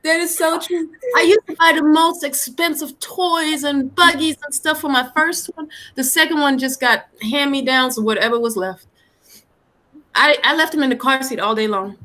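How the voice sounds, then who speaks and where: A woman's voice: high-pitched, normal speed, pushed and bright. A woman in her forties, a parent chatting casually and laughing often as she retells family moments. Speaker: parent in a group chat. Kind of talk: casual chat. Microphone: phone app audio.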